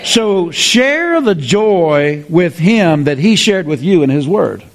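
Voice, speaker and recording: Male pastor preaching, lively and repetitive, laughing, higher-pitched voice. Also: takes it slowly. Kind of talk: sermon.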